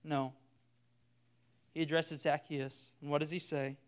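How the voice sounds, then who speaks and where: A man's voice: a little high, flat delivery, measured pace. A man preaching a sermon in an earnest way, building his points by repeating phrases.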